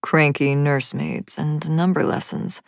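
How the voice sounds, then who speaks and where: A woman voicing a tall, affectionate father who speaks in a low, easy, gently amused way in a storybook reading. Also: fairly even intonation, a little slow, gravelly, no room sound, studio quality. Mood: fond.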